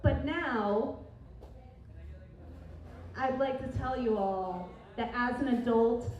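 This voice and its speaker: A woman's voice: on the high side, slow pace, darkish tone. A woman comedian doing a rambling stand-up set at an open mic in a bar. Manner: rambling, self-interrupting delivery. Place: bar with live audience. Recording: echoey bar, recorded from far off.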